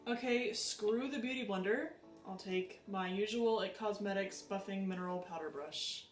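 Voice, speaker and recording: A woman's voice: mid-range voice, moderate pace, echoey room, far from the mic, faint music behind. Chatty woman doing her makeup on camera. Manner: chatty, animated, self-deprecating. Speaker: beauty vlogger. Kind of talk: casual makeup tutorial chat.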